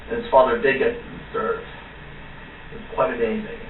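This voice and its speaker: A man narrating a homemade puppet skit in a halting way. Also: medium pitch, little pitch movement, narrow, tinny audio, a little hiss or hum. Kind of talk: homemade storytelling. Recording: echoey room from far off.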